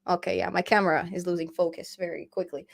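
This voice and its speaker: A woman's voice: fairly low pitch, flat delivery, fast, vocal fry. A woman hosting a casual live-stream chat about programming, chatty and laughing often as she reads viewer comments aloud. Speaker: programming channel host.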